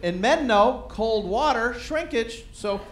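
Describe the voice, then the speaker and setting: High-voiced animated stand-up comic. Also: male voice, takes it slowly, reverberant. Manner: animated, self-mocking storytelling with mock dialogue. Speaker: stand-up comedian. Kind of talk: stand-up comedy routine.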